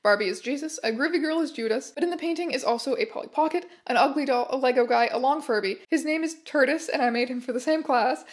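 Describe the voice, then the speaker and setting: Woman host with a slightly high voice reading fan posts, with a dry, sarcastic delivery. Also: fast talker, few pauses. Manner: dry, sarcastic asides between read-out posts. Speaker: host reading viewer submissions. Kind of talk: casual commentary reading submissions.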